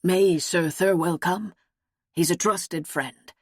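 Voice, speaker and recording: A man's voice: sits high, fairly even intonation, takes it slowly, husky, no room sound, studio quality, full character voice. A woman narrator voicing an earnest male knight who is searching for his lost wife, speaking in a grave, formal, pleading way. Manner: grave, pleading, formal old-fashioned speech.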